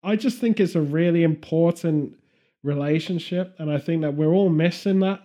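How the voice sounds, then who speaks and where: A man's voice: a little high, normal speed, mellow. A man hosting a podcast in a casual, jokey way with playful earnestness. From Britain. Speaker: podcast host. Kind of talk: casual comedic chat.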